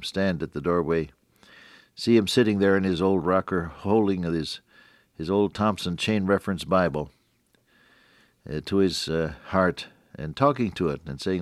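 A man's voice: sits low, no room sound, studio quality. An older man hosting a radio devotional, preaching in a folksy, earnest way with chuckles and asides.

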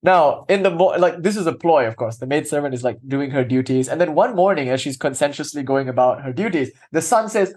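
A man's voice: on the high side, fairly quick, few pauses. Man telling a story in a class. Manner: casual, many fillers, animated storytelling. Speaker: teacher.

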